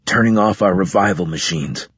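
Plain-spoken soldier, low husky voice, man doing the part. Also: moderate pace, fairly bright tone, no echo. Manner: plain, matter-of-fact. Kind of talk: audiobook character reading. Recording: dull, muffled audio.

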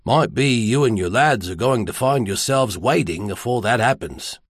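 Man doing a quiet Chisholmian coxswain. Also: mid-range voice, expressive, moderate pace, no room sound, studio quality. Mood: wry. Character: weathered older male navy coxswain, laconic.

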